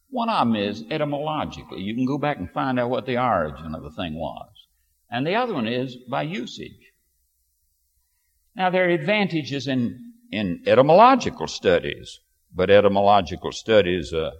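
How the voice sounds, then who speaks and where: An older man preaching a sermon, telling a family story in an unhurried, storytelling way with sudden bursts of emphasis. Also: mid-range voice. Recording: dull lo-fi audio with long hall reverb.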